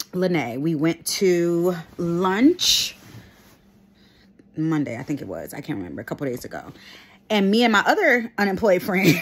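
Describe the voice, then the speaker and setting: A woman with a somewhat low voice chats through a casual storytime vlog. She rambles happily, full of fillers and quick laughs, and her tone swings as she goes. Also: fairly bright tone. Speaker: vlogger.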